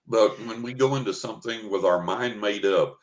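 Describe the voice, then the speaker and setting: A man's voice: lowish voice, normal speed. An older man, a psychic guest in an interview, telling an anecdote casually and acting out the quoted dialogue. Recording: roomy echo.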